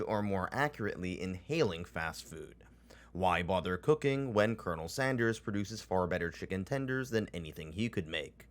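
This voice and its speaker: A man narrating a scripted commentary in a deadpan, mocking tone full of dry sarcasm. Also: on the low side.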